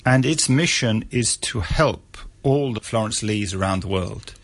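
A man giving measured radio interview answers, pausing often with fillers. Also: lowish voice, lively intonation. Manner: measured, with many pauses and uh fillers. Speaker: author interviewed about a historical figure.

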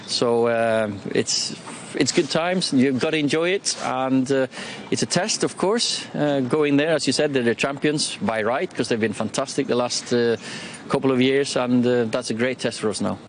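A man's voice: mid-range voice, moderate pace, a little hiss or hum. A man with a Norwegian accent, a football manager speaking plainly and upbeat in an interview clip. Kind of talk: post-match interview clip.

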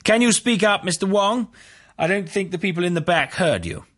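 A forceful courtroom prosecutor with a raised, insistent pitch, pressing every question home, as a man with a husky voice puts him on. His voice has a breathy grain under the pushy delivery. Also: expressive, normal speed.

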